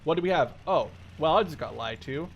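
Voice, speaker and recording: A man's voice: a little high, lively intonation, fairly quick, vocal fry, dull audio, slight background noise. A man in his twenties giving casual, rambling gameplay commentary, cheerful and jokey, swearing freely and stumbling over German words. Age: 20s. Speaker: gaming YouTuber.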